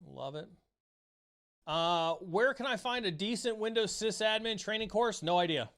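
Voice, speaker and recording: Speaking at a moderate pace in a high, animated, slightly bright voice, this streamer runs a livestream chat from home. His motivational talk is impassioned and repetitive, loaded with casual swearing and phrases hammered home, and he then answers questions from viewers.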